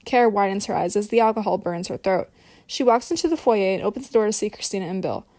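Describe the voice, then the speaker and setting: A woman narrating an audiobook with steady, even reading. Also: mid-range voice, quick pace, no room sound, studio quality.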